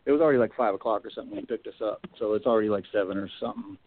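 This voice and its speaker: This Bigfoot researcher, a middle-aged man, races through a long, rambling personal story as a radio guest, leaning on "you know" and "like." His fairly low voice comes over a tinny phone line with slight background noise.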